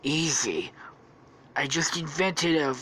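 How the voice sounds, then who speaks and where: A woman's voice: deep voice, lively intonation, slow pace, a bit bright, slightly rough, full character voice. A woman voicing Velma as a smug, nerdy young woman who talks in a matter-of-fact way.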